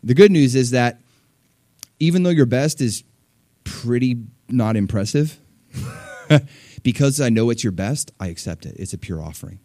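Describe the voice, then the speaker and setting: A man delivering a sermon in a loose, conversational way, dotted with fillers and little laughs. His voice climbs high and loud at the emphatic moments, then sinks to near-hushed, intimate asides. The sound is dry and close. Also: animated, normal speed, pauses often, no echo. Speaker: pastor.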